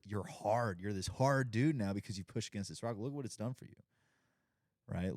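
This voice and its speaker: A man voicing the Lord, calm and low. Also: dry recording, clean studio sound, natural voice. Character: the Lord, calm and patient divine voice.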